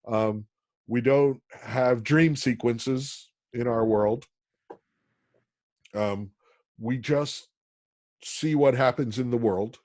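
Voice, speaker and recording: A man from Pennsylvania teaching an online college class, talking in a halting way with many ums and restarts. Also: fairly low pitch, a little mellow, dry recording, studio quality. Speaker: college instructor.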